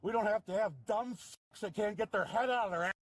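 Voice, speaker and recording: A man's voice: high-pitched, brisk, no echo. A man being arrested, ranting at police in a cursing, threatening, theatrical way. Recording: bodycam clip with crowd noise.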